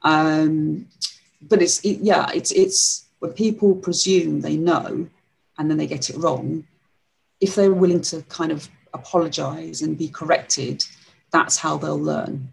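A woman as a podcast guest, telling a story in a reflective way, with frequent pauses and fillers. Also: deep voice, fairly even intonation, creaky, slightly rough, low-quality recording. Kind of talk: conversational interview storytelling.

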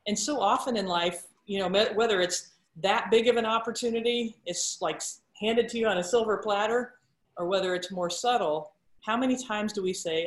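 A middle-aged woman, a sportscaster and guest, telling stories about her career in a casual chat and acting out the quoted dialogue with lively energy. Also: mid-range voice, moderate pace. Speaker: guest broadcaster. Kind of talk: casual storytelling interview. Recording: roomy echo.

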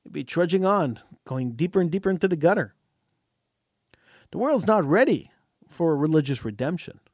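A male talk radio host speaks in an impassioned, emphatic monologue, and his pitch leaps up and down as he argues. He often stumbles over the first words of a phrase and repeats them. His voice sounds close and dry, with no room echo. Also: big pitch swings, moderate pace. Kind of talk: monologue commentary.

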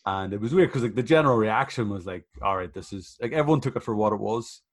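Laid-back man, low voice. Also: expressive, fast talker. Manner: laid-back, swears freely, laughs often. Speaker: professional wrestler guest. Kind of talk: casual podcast chat.

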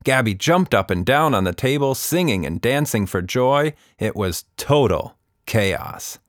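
Slow, expressive male storyteller. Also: mid-range voice, no echo, studio quality. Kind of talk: scripted children's story narration.

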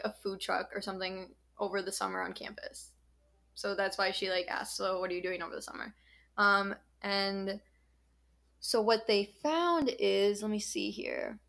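A woman's voice: medium pitch, a bit bright. Chatty young woman podcaster. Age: young adult. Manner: chatty, lots of "like" and "um". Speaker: podcast co-host. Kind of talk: casual podcast chat.

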